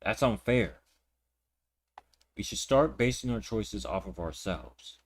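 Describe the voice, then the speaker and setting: A man's voice: fairly low pitch, expressive, slow pace. A young man ranting indignantly while reacting to clips, talking in a profane, repetitive way. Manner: repeats words and restarts sentences. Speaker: reaction channel host. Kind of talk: reaction commentary.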